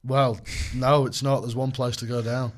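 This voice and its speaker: A man's voice: medium pitch, little pitch movement, moderate pace. A young man co-hosting a casual podcast chat, jokey and rambling with plenty of ums and restarts. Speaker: podcast co-host.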